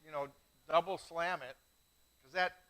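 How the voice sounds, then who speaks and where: A middle-aged man hosting a live wine tasting, chatty and self-mocking, telling animated stories. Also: fairly high pitch, a little slow, rough recording. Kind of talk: casual live-stream chat.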